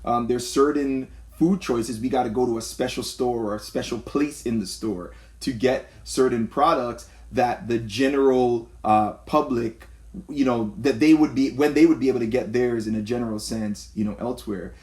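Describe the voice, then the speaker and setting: A man's voice: mid-range voice, normal speed. A man from Canada, a pastor, talking in a church conversation and acting out the people in his stories. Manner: animated storyteller, acts out quotes.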